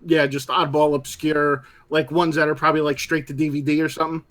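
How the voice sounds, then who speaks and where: A man's voice: a little high, flat delivery, brisk, a bit bright. A man co-hosting a casual live show, talking bluntly and animatedly and swearing freely. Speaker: podcast co-host. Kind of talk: casual livestream chat.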